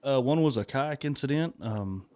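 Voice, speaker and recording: A young man, a wildlife officer speaking as a guest in a casual radio interview, relaxed and halting. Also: medium pitch. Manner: relaxed, laid-back, halting with fillers.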